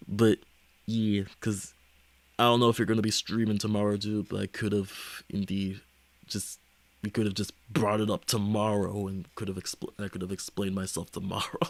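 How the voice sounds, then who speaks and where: A young man streaming, talking casually in a rambling, halting way full of fillers and restarts. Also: on the low side, little pitch movement, no echo. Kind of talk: casual livestream chat.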